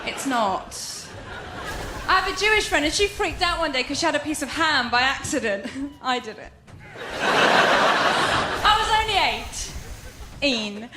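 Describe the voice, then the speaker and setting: A woman's voice: high-pitched, measured pace, pauses often, echoey room, very noisy. Wry woman doing stand-up. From London, England. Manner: wry, animated, mimics others. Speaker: stand-up comedian. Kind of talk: stand-up set.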